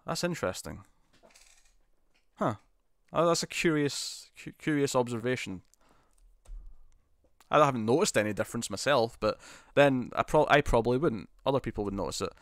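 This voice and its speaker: A man's voice: medium pitch, animated, moderate pace, pauses often, dry recording. A young man hosting a casual live stream, reading viewer comments aloud and answering them with frequent ums and laughs, into a studio mic with a pop shield. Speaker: host.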